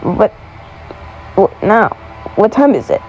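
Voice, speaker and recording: A woman's voice: mid-range voice, sing-song, slow, a little mellow, highs cut off, slight background noise. A woman doing a timid, frightened girl. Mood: scared.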